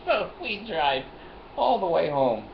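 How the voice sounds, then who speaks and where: A man's voice: a little high, big pitch swings, takes it slowly, creaky. An older man telling a rambling personal story in a vlog, chuckling often and repeating himself. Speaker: vlogger. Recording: roomy, dull lo-fi recording with faint hiss.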